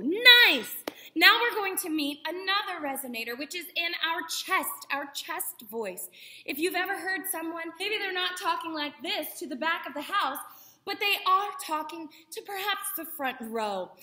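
Woman, acting teacher, high pitch, bright tone, encouraging, demonstrative. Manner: encouraging, demonstrates vocal exercises. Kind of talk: voice lesson for kids.

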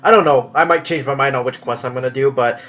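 A man's voice: medium pitch, fast talker, a bit bright. Casual gaming host, man, rambling and swearing, slightly dull lo-fi sound. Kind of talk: casual gameplay commentary.

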